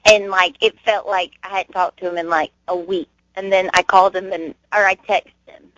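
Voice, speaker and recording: A woman's voice: mid-range voice, fairly even intonation, normal speed, a bit bright. A young woman being interviewed as a guest, telling rambling stories with lots of giggles and fillers. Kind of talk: casual interview chat. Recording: muffled dry web radio audio.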